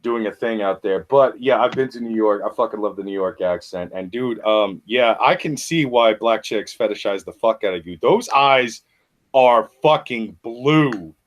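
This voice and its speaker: A man on a casual livestream rambles with lots of "uh"s and curses. His voice sits low in his chest. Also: moderate pace. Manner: rambling, profane.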